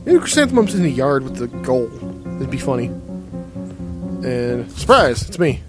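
A man's voice: mid-range voice, very animated, moderate pace, over music. A man giving casual let's-play commentary while he plays, swearing a lot and swinging between muttering and frustrated outbursts. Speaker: gamer playing a game.

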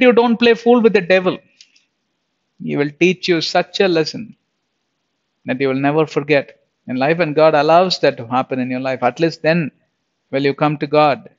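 A man's voice: a little high, muffled recording. A man giving an informal Bible lesson, chatty, often laughing and repeating himself. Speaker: Bible teacher.

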